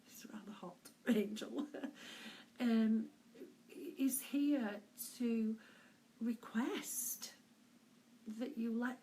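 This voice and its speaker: A middle-aged woman speaks as a spiritual medium in a fairly high voice, taking her time over every phrase. Her delivery is gentle and searching, with soft laughs and small hesitations. A faint hiss sits under the voice. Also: gravelly, rough recording. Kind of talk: weekly spiritual message, casual and unscripted.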